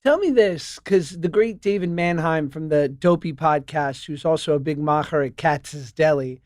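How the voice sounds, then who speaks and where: Brief: male podcast host, a fairly high voice, chatty storyteller, close and dry. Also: moderate pace, darkish tone, no room sound. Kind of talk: casual podcast chat.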